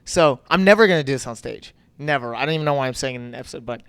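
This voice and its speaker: A man's voice: medium pitch, lively intonation, rapid-fire, fairly bright tone, clear, resonant tone, dry recording, clean studio sound. A man co-hosting a comedy podcast in casual chat, rambling with lots of fillers and repeated yeahs.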